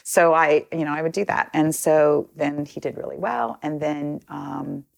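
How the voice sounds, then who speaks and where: Low creaky-voiced woman telling a story. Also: a little slow. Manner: chatty, many ums, quotes others in lively asides. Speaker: interview guest. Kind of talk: casual storytelling.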